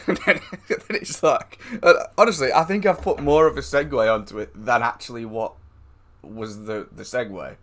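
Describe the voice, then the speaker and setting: A man's voice: medium pitch, normal speed, a bit bright. A man streaming live, telling a rambling anecdote with lots of swearing, laughing and quoted voices. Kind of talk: casual storytelling.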